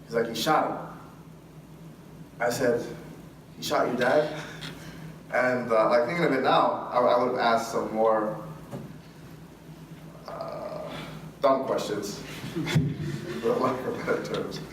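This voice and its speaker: A man's voice: medium pitch, takes it slowly, pauses often. Man telling a story in an echoey hall. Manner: animated, acts out dialogue, laughs often. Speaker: guest speaker. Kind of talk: storytelling talk to a live audience. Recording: echoey hall from far off with room noise.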